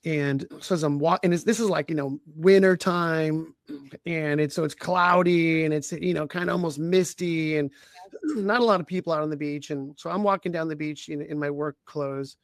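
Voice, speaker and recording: A man who coaches leaders and co-hosts a podcast. He tells a personal story in conversation, in a halting way with many restarts and frequent throat-clearing. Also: a little high, dry recording, studio quality.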